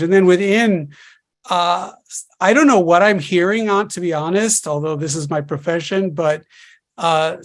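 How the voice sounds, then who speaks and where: A man speaking as a linguist guest on a webinar panel, explaining in a hesitant, halting way over a video call. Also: a little high.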